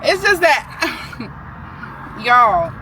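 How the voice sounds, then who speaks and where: A woman telling a story in a casual vlog, animated and expressive, laughing often as she talks to her camera. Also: fairly high pitch, drawn-out words, roomy sound, noisy background. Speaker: vlogger mom. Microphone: handheld camera.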